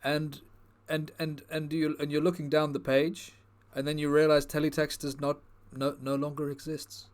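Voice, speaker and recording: A man playing a brooding, self-serious male war-veteran comedian, with a solemn, halting, grave delivery. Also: on the high side, flat delivery, close to an everyday voice.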